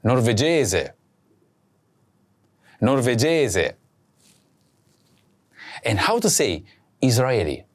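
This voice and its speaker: A man hosting a language lesson, speaking slowly and clearly and saying each word twice for practice. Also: medium pitch, sing-song, noisy background. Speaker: language teacher host. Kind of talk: slow scripted lesson with repeat-after-me drills.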